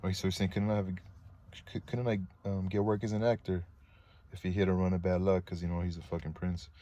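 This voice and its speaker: A man's voice: low voice, little pitch movement, fast, mellow. A man reading a play aloud and adding casual, profane asides with some hesitation. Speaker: reader.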